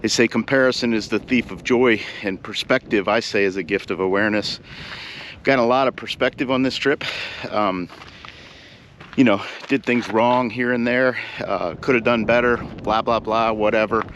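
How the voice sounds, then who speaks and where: A man with a lowish voice speaks casually outdoors at a summit, still out of breath from the climb. He muses and wanders, restarting sentences and leaning on fillers. A faint hiss of noise sits under his voice. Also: steady tone, normal speed, a bit bright. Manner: reflective, rambling, with fillers and restarts. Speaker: vlogger, caregiver advocate. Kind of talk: casual talk to camera. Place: outdoors on a mountaintop.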